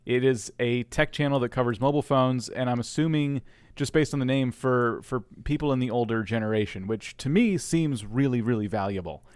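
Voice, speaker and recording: Male co-host, teasing, casual review chat, smooth voice, dry sound. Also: medium pitch, brisk, darkish tone, no echo.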